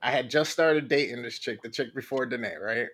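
A man telling an animated story in casual chat, swearing freely and acting out the quotes. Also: mid-range voice, brisk, slightly rough.

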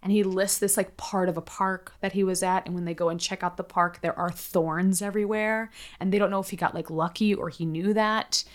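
A woman's voice: medium pitch, fairly even intonation, a little fast, few pauses. A woman co-hosting a podcast, recounting a true-crime case in a casual, chatty way with lots of filler words and the odd swear. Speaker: podcast co-host.

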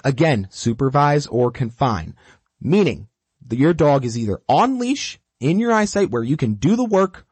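A man's voice: medium pitch, husky, dry recording. A man teaching dog training, coaching step by step in a direct, repetitive way and acting out what the dog thinks. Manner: animated, acts out the dog's thoughts. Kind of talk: instructional talk.

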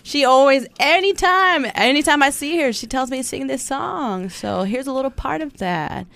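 A woman appearing as a guest singer in casual chat, slow and easygoing. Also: high-pitched, expressive, gravelly, a bit bright.

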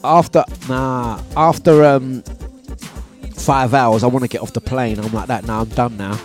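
A man hosting a breakfast radio show, chatting casually and telling animated stories with plenty of laughter. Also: mid-range voice, a little slow, faint music behind. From United Kingdom. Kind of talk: casual on-air chat. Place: radio studio.

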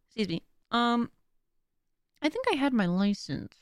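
Young woman podcast host, rambly and jokey, kinda high clean voice. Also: lively intonation, a little slow, clear, resonant tone, no echo, clean studio sound. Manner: chatty and rambling, with joking asides. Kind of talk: casual podcast chat.

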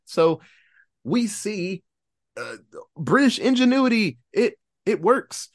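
A man co-hosting a podcast, casually recapping a film's plot with lively storytelling, acting out the characters' lines and throwing in sarcastic cheers and the odd swear. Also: high-pitched, unhurried. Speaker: podcast co-host reviewing a film.

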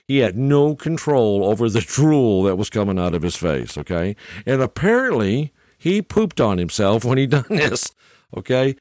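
Chuckling older man with a lively voice. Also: medium pitch, moderate pace, no echo, studio quality. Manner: chuckling often, tagging lines with "okay?". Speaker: podcast host. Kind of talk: casual storytelling monologue.

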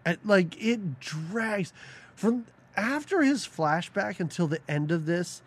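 Lively, husky-voiced man joking about movies. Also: high-pitched, slow. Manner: animated, laughs often, sarcastic. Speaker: podcast co-host. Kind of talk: casual movie-review chat.

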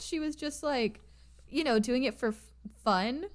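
A young woman with a fairly high voice, chatting casually as a podcast co-host. She laughs readily and tells her stories in an animated way. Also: normal speed. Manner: giggly, animated storyteller. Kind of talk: casual chat. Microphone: remote call mic.

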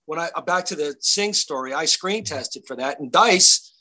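Middle-aged guy telling showbiz stories, kinda high and bright, stumbles and restarts a lot. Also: moderate pace. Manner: animated, many restarts and fillers. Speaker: actor guest. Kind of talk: casual interview storytelling.

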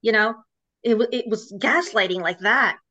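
Speaking at normal speed in a fairly high voice that sounds pushed and bright, a woman guest tells her personal story. It comes out emotional and rambling, with frequent restarts, and the recording is dull and lo-fi.

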